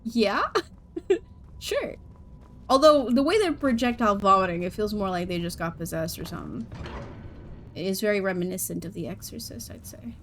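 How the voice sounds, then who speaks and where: A young woman with a medium-pitched voice streams a game, chatting casually, giggling, and reacting to her chat as she plays. There's a slight hiss or hum in the audio.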